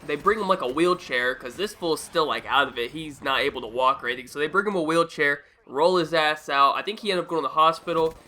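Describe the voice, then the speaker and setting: Bright-voiced young man telling a story. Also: a little high, fast, few pauses. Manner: animated, profane, acts out quotes. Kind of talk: casual storytelling.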